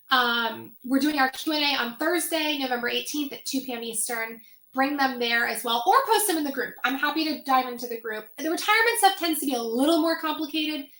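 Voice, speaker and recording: A woman's voice: sits high, a bit bright, echoey room. A woman hosting an online money workshop, talking casually with lots of fillers, her voice getting tired. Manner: chatty, many fillers. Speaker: financial workshop host.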